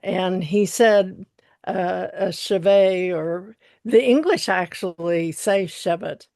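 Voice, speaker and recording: A woman speaks slowly and deliberately, in a somewhat low voice. She picks her words with pedantic care, like a retired academic. The sound is dry and close. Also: creaky, a little mellow, no room sound. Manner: precise, professorial. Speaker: seminar participant. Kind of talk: conversational commentary.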